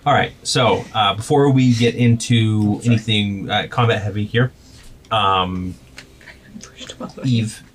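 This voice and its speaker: Male game master, lowish voice, halting filler-laden narration, light hiss. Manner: halting, filler-heavy narration with soft asides.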